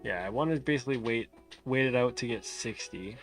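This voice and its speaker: A man's voice: mid-range voice, brisk, faint music behind. Sleepy, mumbling man streaming a game. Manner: drowsy, soft-spoken, trailing off and mumbling. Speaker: livestreamer. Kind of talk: casual live game stream chat.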